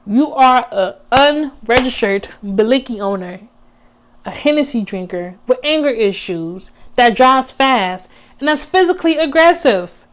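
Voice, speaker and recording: A woman's voice: a little high, measured pace. Chatty young woman vlogger. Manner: chatty, heavy use of "like" and slang, addresses viewers as y'all. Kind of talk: casual storytime monologue.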